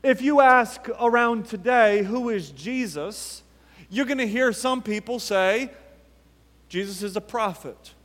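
A man preaching a sermon, emphatic and fond of repeated rhetorical questions with dramatic pauses. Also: sits high, fairly bright tone. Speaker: pastor. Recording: long reverb from a large hall.

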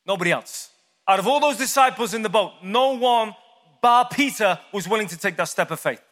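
A male preacher delivers a sermon, retelling a story with animation and tossing questions to the crowd. His voice sits high and bright, and a long hall reverb follows each phrase. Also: fairly quick.

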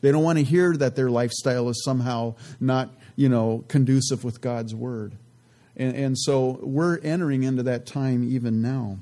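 A man giving conversational Bible teaching, earnest and relaxed, often adding "you know" and reading verses aloud slowly. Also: mid-range voice. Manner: reads scripture aloud slowly and deliberately.

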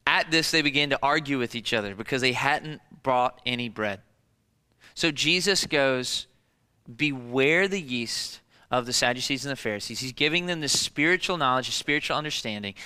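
A man in his thirties preaching a sermon, telling stories in an animated way and acting out the people in them in quick voices. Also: medium pitch, smooth. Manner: animated storytelling, acts out disciples and kids in quick voices. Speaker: pastor.

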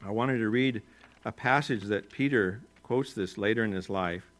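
A male pastor with an American accent preaching a sermon in a relaxed, conversational way, with joking asides and chuckles. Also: fairly low pitch, normal speed, slight background noise.

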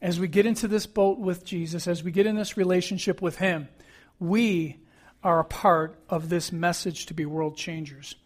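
A man's voice: high-pitched, steady tone, normal speed. A middle-aged man preaching a sermon as pastor, earnest and emphatic, repeating key phrases.

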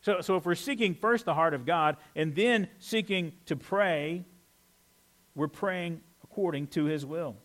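A man preaching to his congregation in a relaxed, conversational way. His voice sits a little higher than most men's, and he jumps into lively, playful asides. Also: unhurried. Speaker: pastor. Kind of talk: sermon.

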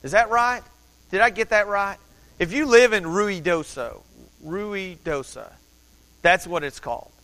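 A man from Texas delivers a storytelling sermon, his voice high and bright. He talks in an animated, conversational way, with quick asides to the room. His voice rings out with a long reverb, as in a large hall.

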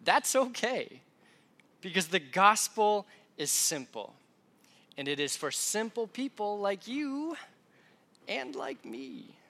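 A man's voice: sits high, big pitch swings, slow, sharp tone. A young man preaching a sermon in a conversational, self-deprecating storytelling way.

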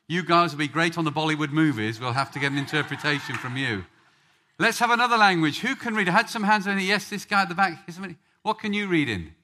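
Male preacher from England, bright and animated, chatty with his congregation. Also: a little high. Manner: lively, joking with the congregation. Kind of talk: sermon with audience banter.

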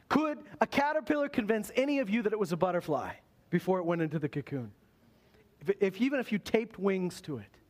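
Male pastor, high voice, conversational preaching that turns slow and deliberate on scripture. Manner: earnest preaching, slows down on scripture quotes, conversational asides. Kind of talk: sermon.

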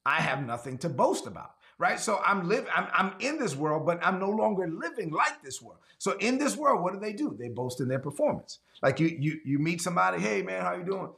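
Gravelly preacher with call-and-response. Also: male voice, high-pitched, big pitch swings, fairly quick, few pauses, fairly bright tone. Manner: call-and-response, repeats key phrases; acts out quoted voices. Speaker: pastor. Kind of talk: online sermon.

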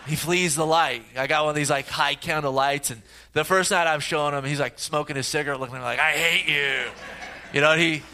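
A middle-aged man preaching a sermon with a bright, forward tone and a voice pitched a little high. He talks in a loose, conversational way, telling stories with plenty of fillers and restarts. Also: fairly even intonation, fast talker, hardly any pauses, a little hiss or hum. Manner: conversational, anecdotal storytelling with frequent fillers. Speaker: pastor.

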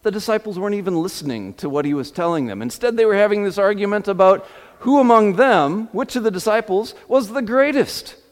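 A man's voice: high voice, animated, fast. A man preaching a sermon, telling stories with many fillers and restarts. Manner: storytelling with repeated fillers and restarts. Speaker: pastor. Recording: long hall reverb.

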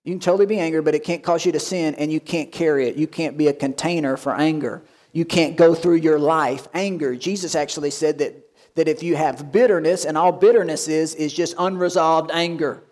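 Pastor guy preaching, fairly high voice, lively, acts out the quotes, quizzes the crowd. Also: brisk. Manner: asks the congregation questions. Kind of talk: sermon.

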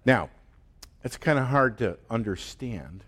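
A man's voice: mid-range voice, expressive, a little slow, a bit bright. A middle-aged man giving a conversational sermon as pastor, with fillers and restarts. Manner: conversational, laughs often, many fillers and restarts.

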